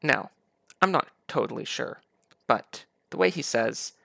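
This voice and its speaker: A man's voice: medium pitch, lively intonation, unhurried, vocal fry, pushed and bright, no echo, studio quality. A man giving sarcastic, mocking political commentary over video clips. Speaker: commentary YouTuber.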